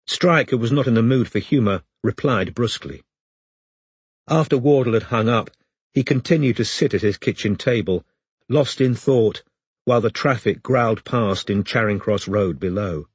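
A man narrating an audiobook in a measured storytelling manner, close to the mic. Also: lowish voice, breathy edge, no echo.

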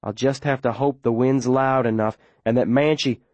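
A man's voice: mid-range voice, fairly even intonation, normal speed, a little mellow, no echo, dull audio. A man reading a first-person audiobook in an urgent, breathless, tense way. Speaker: audiobook narrator.

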